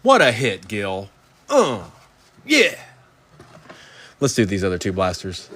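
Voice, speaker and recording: A man's voice: low voice, moderate pace, fairly bright tone. A man hosting a live sports card break, reading out player names and chatting with viewers.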